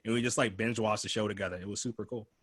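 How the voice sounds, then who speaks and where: A man's voice: on the low side, steady tone, racing, fairly bright tone. A young man hosting a casual podcast chat, talking in a loose, rambling, laid-back way with plenty of filler words. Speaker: podcast host.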